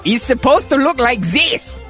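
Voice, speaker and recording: A man's voice: very high voice, sing-song, a little slow, sharp tone, faint music behind, full character voice. A man putting on a hammy German mad scientist. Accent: put-on German. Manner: hammy, over-pronounced.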